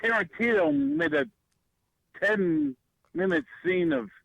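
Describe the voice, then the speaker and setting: Gravelly man chiming in on a radio show. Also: extremely high pitch, sing-song, slow, a bit bright, dry recording, dull audio. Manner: joking, chiming in. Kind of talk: casual radio chat.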